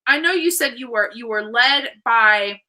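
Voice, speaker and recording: A woman's voice: fairly high pitch, unhurried, rough recording. A woman hosting an interview show, chatting casually and acting out the voices of people in her stories. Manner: animated storytelling, acts out quoted voices. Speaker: host.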